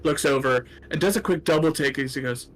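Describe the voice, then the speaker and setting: A man's voice: a little high, fairly quick, a little hiss or hum. A man narrating a tabletop game as game master, rambling, with many fillers.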